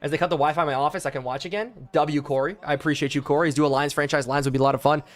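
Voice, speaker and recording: A young man live-streaming a football video game, calling plays and thanking chat, excitable and loud on big plays. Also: fairly high pitch, racing.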